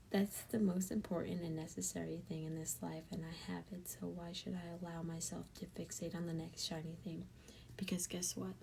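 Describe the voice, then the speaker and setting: A young woman giving an earnest, heartfelt Bible study talk, often speaking softly. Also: lowish voice, slight background noise. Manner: earnest, emotional, often soft and breathy. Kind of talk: casual devotional talk. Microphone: tablet mic.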